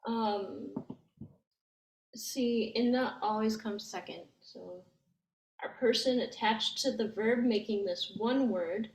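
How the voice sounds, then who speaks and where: A woman teaches a language lesson, explaining each step gently and with frequent ums. She speaks slowly in a fairly high voice. The recording sounds roomy and echoey, with a faint hiss underneath. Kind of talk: slow, patient language lesson.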